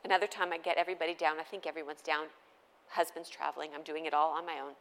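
A middle-aged woman giving a humorous storytelling talk at a faith gathering, lively and conversational, often asking the audience questions. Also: low-pitched, quick pace, long reverb tail.

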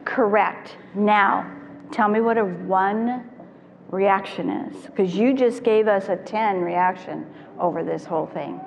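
A middle-aged woman, a child therapist, telling stories to parents in an animated way and acting out the voices she quotes. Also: mid-range voice, slow pace, creaky. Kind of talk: storytelling talk to parents. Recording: reverberant hall, dull lo-fi sound, faint noise.

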